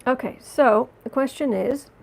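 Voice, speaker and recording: Her creaky voice sits high and moves at a measured pace as this tarot reader hosts a live stream, reading viewer comments and answering them with indignant outrage. She restarts and apologizes frequently, and the recording is rough.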